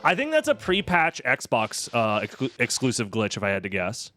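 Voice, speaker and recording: A man's voice: medium pitch, wildly swooping pitch, normal speed, bright, forceful tone, faint music behind. An American man commentating a live-stream game run, joking and sarcastic as he chats with viewers. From United States.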